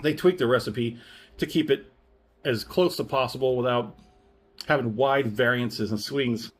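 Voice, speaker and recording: A man's voice: mid-range voice, unhurried, breathy edge. A man reviewing a whisky in a casual, rambling way, often correcting himself and chuckling. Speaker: spirits reviewer.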